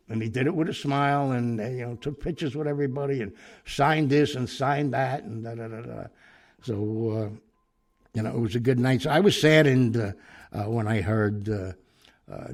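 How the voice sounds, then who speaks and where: A man telling an anecdote in a lively way, acting out the people he quotes, with fillers and restarts. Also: mid-range voice, normal speed. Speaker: storyteller guest.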